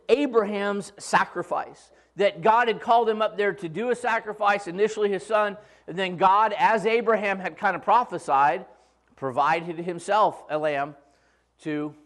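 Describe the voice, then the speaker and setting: A high-voiced man preaching in church. He talks in a relaxed, conversational way and slips in humor as he retells a story. His delivery often slows for emphasis. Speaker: pastor. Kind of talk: sermon.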